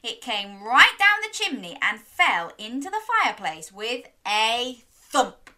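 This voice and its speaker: Bright, animated woman reading to children. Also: a little high, takes it slowly. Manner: sing-song, gasping, encouraging, lively. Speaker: storyteller for young children. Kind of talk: children's story reading with interactive prompts.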